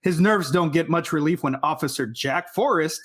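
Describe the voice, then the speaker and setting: Husky man reading with wry asides. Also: fairly high pitch, moderate pace, a bit bright. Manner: wry, adds jokey asides while reading. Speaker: podcast co-host. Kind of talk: reading a plot summary on a podcast.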